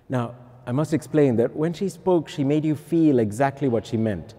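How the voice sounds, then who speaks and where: A middle-aged man, a priest, giving a personal testimony in lively storytelling style with self-mocking humorous asides. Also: medium pitch, brisk. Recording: echoey hall.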